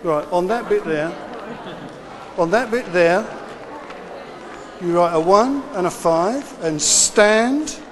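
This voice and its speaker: Man, teacher, very high voice, slow and deliberate, brisk encouraging instructions, long reverb. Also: animated, a crowd in the background. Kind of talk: classroom instruction. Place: classroom with children.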